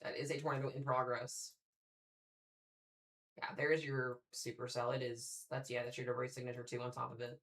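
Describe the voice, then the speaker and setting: With a medium-pitched, fairly bright voice that moves little in pitch, this young severe weather livestream host speaks at normal speed. His live coverage commentary is casual as he reasons through the radar out loud and addresses viewers.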